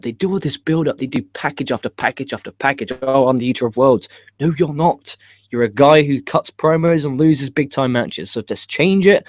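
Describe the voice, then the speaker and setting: A man's voice: mid-range voice, no room sound, studio quality. A man hosting a casual live stream, rambling through opinionated, profane commentary full of restarts and swearing. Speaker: wrestling show host.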